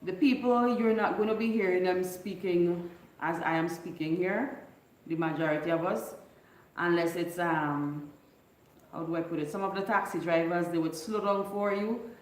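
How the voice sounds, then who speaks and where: A woman's voice: fairly low pitch, normal speed, echoey room, rough recording. A woman from Bequia with a mixed Vincentian, Trinidadian and Grenadian accent, hosting a casual live chat and teaching local dialect phrases to her viewers. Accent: Vincentian with Trinidadian and Grenadian traces. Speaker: livestream host.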